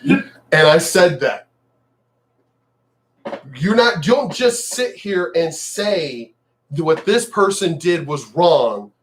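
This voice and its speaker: High-voiced man ranting with profanity. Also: lively intonation, slow pace, long pauses. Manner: angry, profane, repetitive, mocking; shouts mock crowd cheers. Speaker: video commentator. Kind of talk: political rant.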